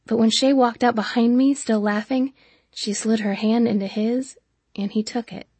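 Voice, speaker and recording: A woman narrating a first-person novel as an audiobook in a steady, even storytelling manner. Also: fairly high pitch, normal speed, breathy edge, no room sound.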